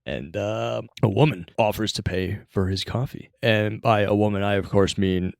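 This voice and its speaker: A man's voice: fairly low pitch, vocal fry, dry recording, clean studio sound. A man co-hosting a podcast, recapping a TV scene in casual chat, often stumbling and restarting. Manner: halting, filler-heavy recap with frequent restarts. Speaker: podcast co-host recapping the episode.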